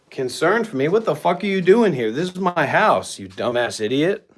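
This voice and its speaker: A scornful man rants through a livestream, swearing freely and stretching out his pauses. His voice sits higher than most men's, and the room around him rings with echo. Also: big pitch swings. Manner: profane, scornful, drawn-out pauses. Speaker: meditation channel host. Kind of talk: profane livestream rant. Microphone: livestream setup. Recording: echoey room.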